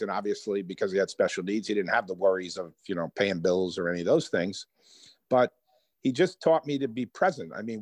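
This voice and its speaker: A man telling personal stories as a guest in an interview, lively and conversational. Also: medium pitch, no echo. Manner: animated storyteller, acts out quoted voices. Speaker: author and guest. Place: Hoboken.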